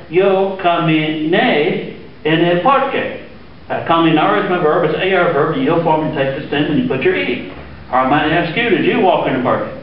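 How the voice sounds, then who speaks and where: A man teaching a Spanish grammar lesson, patiently walking through examples with frequent "uh" fillers. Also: a little high. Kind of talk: classroom lesson explaining grammar. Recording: echoey room, distant mic, dull sound.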